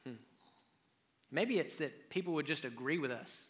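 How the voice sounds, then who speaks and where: A high-pitched man preaching in a church. His voice is bright and forceful, and he keeps the sermon casual and full of jokes, acting out the disciples in the boat. It moves from a quiet opening prayer into lively teaching. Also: moderate pace. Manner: casual and joking, acts out the disciples. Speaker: pastor. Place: church hall.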